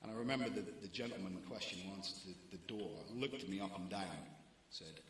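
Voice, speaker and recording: A man's voice: low-pitched, a little fast, fairly bright tone, slight background noise. Wry man in a very echoey hall. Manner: wry, anecdotal, lightly self-mocking. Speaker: newspaper deputy editor. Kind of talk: talk to students.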